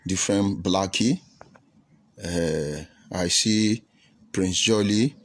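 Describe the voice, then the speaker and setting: A man's voice: low-pitched, slow. A man with a Nigerian English accent, a preacher hosting a livestream, answering viewer comments in a combative, preachy way full of rhetorical questions.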